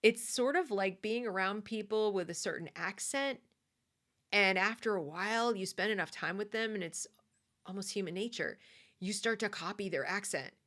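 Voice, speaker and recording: A woman's voice: medium pitch, normal speed, a bit bright. An American woman living in the South gives a conversational, opinionated monologue with fillers and restarts. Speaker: commentary host.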